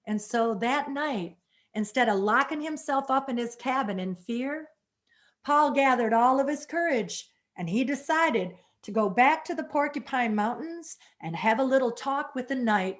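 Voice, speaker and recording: A woman's voice: high-pitched, lively intonation, a little slow. A woman storyteller telling a folk tale dramatically, adding spoken sound effects.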